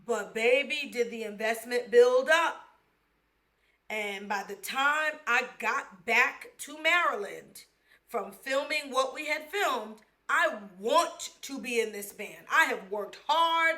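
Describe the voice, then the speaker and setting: Bright-voiced woman telling her story slowly. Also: high voice. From the Bronx, New York. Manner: candid, emotional, slangy, addresses listeners as y'all. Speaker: podcast host telling her life story. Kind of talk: personal storytelling monologue.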